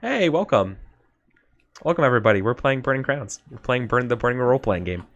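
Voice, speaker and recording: A man's voice: medium pitch, animated, fairly quick, fairly bright tone, dull audio. A man running a tabletop role-playing game as game master, talking in a rambling, chatty way with many fillers.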